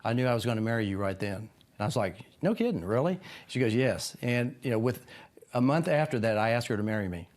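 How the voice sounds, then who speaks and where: Guest, man in his sixties, mid-pitched, casual, rambling storyteller who voices the quotes higher. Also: animated, fast, darkish tone. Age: 60s. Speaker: podcast guest.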